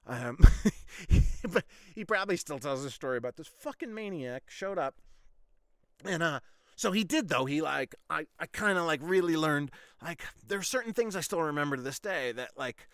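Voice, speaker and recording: This podcast host sounds animated, his voice a little high and fairly bright, moving at normal speed. Recorded dry with clean studio sound, he rambles casually through a story, heavy on "like" and swearing.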